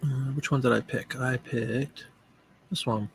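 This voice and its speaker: A man's voice: medium pitch, steady tone, a little slow, vocal fry, a little hiss or hum. A man hosting a casual live stream, thinking aloud as he works and chatting with viewers by name. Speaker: live-stream host and online seller.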